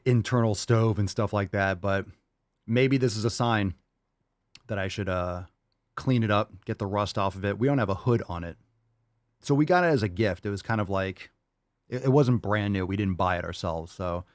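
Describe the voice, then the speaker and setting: A man's voice: low-pitched, no room sound, studio quality. A young man hosting a podcast, talking loosely and casually, laughing often and swearing freely. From Florida. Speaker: podcast host.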